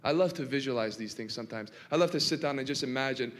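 A man preaching a sermon in a church, swinging from hushed to impassioned and asking the congregation rhetorical questions. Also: medium pitch, fast. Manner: dramatic, swinging from quiet to impassioned. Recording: long reverb of a large hall.

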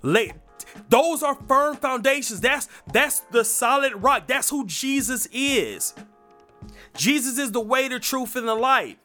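High-voiced emphatic male preacher. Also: lively intonation, a little slow, sharp tone, soft background music. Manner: emphatic, repetitive rallying cadence. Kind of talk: sermon.

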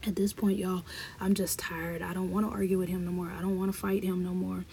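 A woman tells her own story in a low, mellow voice with a gravelly fry. She acts out the back-and-forth as she goes and speaks straight to her listeners. Faint background noise sits under the voice. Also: little pitch movement, a little fast. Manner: reenacts dialogue, talks to listeners as y'all. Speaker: podcast host. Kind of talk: personal storytelling.

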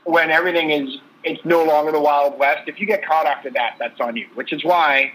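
Bright-voiced man talking baseball. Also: fairly high pitch, brisk, rough recording. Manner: storytelling, lists trade details. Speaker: podcast co-host. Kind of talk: casual sports chat.

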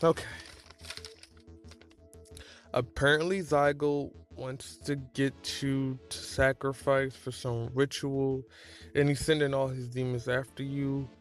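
A man's voice: mid-range voice, little pitch movement, slow pace, soft background music, close to an everyday voice. A man voicing a protective, nervous teenage boyfriend in a storybook reading. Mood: serious. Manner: nervous, gentle.

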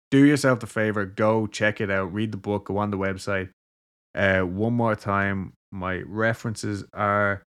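Low-voiced casual podcast host man. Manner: relaxed, swears casually, filler-heavy.

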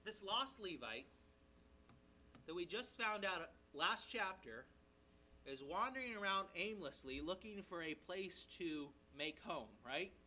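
A male pastor preaching an expository sermon in a conversational, animated way, checking in with his listeners and briefly acting out the characters' lines. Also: high voice, a little hiss or hum, low-quality recording. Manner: animated, voices the characters' lines in quick asides. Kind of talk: sermon, expository Bible teaching.

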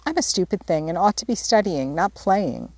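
A woman reading a shy, tender-hearted young girl who speaks softly and sighingly. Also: fairly low pitch, lively intonation, normal speed, dry recording. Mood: sorrowful. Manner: soft and sighing.

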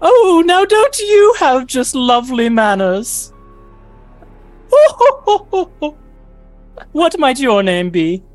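A man voicing a vain, grand female ant queen in a high, gushing voice with trilling laughs. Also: huge pitch swings, extremely slow, pauses often, dry recording, soft background music, full character voice.

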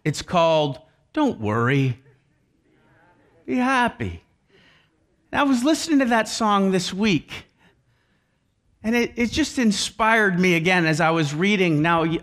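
A man's voice: on the high side, big pitch swings, moderate pace, a bit bright. A man preaching a sermon with emphasis, repeating key phrases over and over. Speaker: pastor.

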